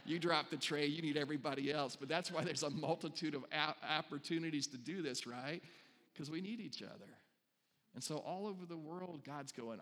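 A man's voice: mid-range voice, a bit bright, big-room sound. A man preaching a sermon as pastor, talking conversationally, often asking the listeners questions and acting out short voices. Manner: conversational, asks the congregation questions, acts out little voices.

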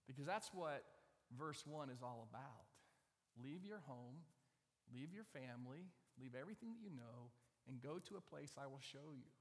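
A man's voice: medium pitch, lively intonation, moderate pace, in a large hall. A man preaching a sermon in a conversational way, often asking the audience questions. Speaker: pastor.

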